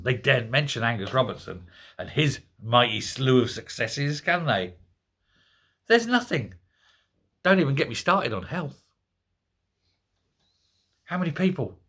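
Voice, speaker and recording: A man's voice: medium pitch, bright, forceful tone, breathy edge. A middle-aged man hosting a solo political commentary, ranting in a sarcastic, mocking way. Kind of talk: solo political rant to camera.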